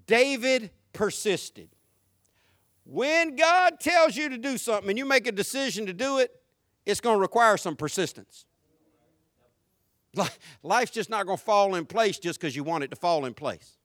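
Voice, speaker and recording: Male preacher, sermon, very high voice, conversational and then shouting, dry close sound. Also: expressive, normal speed, long pauses, no room sound. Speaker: pastor.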